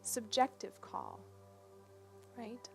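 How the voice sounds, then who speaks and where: A woman's voice: a little high, wildly swooping pitch, very slow, vocal fry, over music. A woman giving a talk, telling a personal story in a conversational way and often checking in with her listeners. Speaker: presenter. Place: presentation on a cruise ship.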